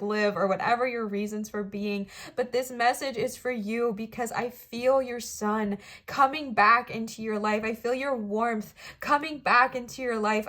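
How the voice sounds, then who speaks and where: A young woman reads tarot cards for her viewers, her voice sitting a little high. She is warm-hearted and emotional, encouraging the listener and calling them bestie. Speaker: tarot reader. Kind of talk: tarot reading.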